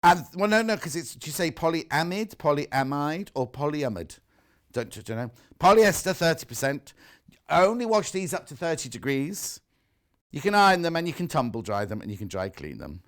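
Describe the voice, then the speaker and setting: A man's voice: a little high, very animated, fairly quick, fairly bright tone. Chatty British shopping-show man. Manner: chatty, reads viewer messages aloud. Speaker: shopping channel presenter. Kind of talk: live shopping show presenting. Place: windowless TV studio.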